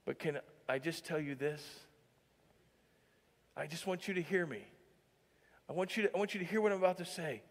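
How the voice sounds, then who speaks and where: A male pastor preaches with a notably high voice and an easy, chatty delivery full of fillers. He drops to hushed stretches, then builds to loud, emphatic points, and the long reverb of a church hall trails every phrase. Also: normal speed, long pauses. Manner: conversational, heavy use of filler "like". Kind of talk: sermon. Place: church sanctuary.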